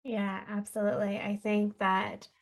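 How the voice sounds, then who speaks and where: A woman's voice: mid-range voice, monotone, moderate pace. A woman speaking as a podcast guest, a life coach telling her own story in an earnest, heartfelt way. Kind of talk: casual interview talk.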